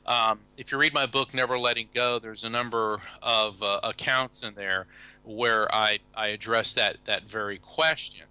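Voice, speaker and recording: American man, bright and forceful, a storytelling guest with an animated, self-amused delivery. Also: on the low side, normal speed, clear, resonant tone, dry recording, poor audio. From USA. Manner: anecdotal, animated, acts out quoted people, self-amused. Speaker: guest, psychic medium and lawyer. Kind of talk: casual storytelling interview.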